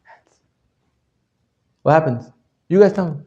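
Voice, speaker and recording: A man leads a class with a string of questions, pressing his listeners for answers and checking that they follow. His voice has a mellow, darker tone, and it rises loud and then drops quiet. The recording sounds dull and lo-fi. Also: fairly high pitch, normal speed, pauses often. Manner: questioning, checks understanding constantly; animated, swings from loud to quiet. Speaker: religious teacher. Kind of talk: interactive lecture to a class.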